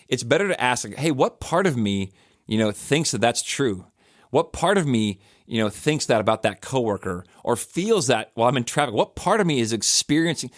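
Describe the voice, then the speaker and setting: A man in his forties hosts a church podcast, talking in a casual, reflective, conversational way that rambles with many fillers and restarts. His voice has a fairly low pitch. The audio is studio quality, with no echo.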